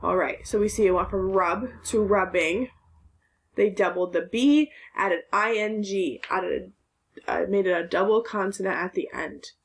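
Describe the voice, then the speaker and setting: A woman's voice: medium pitch, unhurried. A woman teacher giving a recorded phonics lesson for young children, patiently sounding out words syllable by syllable.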